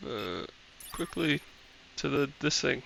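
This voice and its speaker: A man's voice: on the high side, very animated, takes it slowly, creaky, fairly bright tone. A man casually talking to himself while he streams a game, muttering offhand remarks as he plays, recorded on a headset mic. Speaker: gamer streaming a playthrough. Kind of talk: casual gameplay commentary. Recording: dull lo-fi headset audio with faint hiss.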